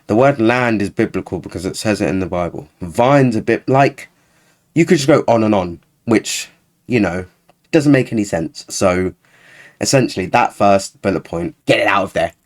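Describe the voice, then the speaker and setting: A man's voice: on the low side, expressive, normal speed. A man giving casual, sarcastic reaction commentary as a YouTuber, sounding exasperated.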